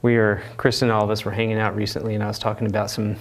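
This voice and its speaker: A man's voice: on the low side, racing. Laid-back man telling rambling stories. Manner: relaxed, rambling storyteller. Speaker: host of a live painting stream. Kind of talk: casual chat while painting. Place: art studio.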